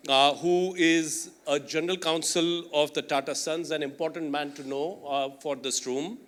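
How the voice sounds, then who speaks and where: A man moderating a conference panel, talking in a chatty, self-deprecating way with plenty of "you know". His voice sits a little high for a man, and his tone is bright and forceful.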